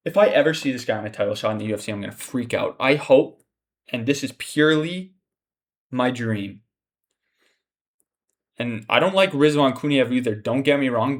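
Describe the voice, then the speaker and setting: A young man at a middling pitch talks through fight predictions in a casual, unscripted way. He sounds fed up, swears freely and lets out heavy sighs between complaints. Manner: exasperated, profane ranting with frequent sighs. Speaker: MMA analyst host.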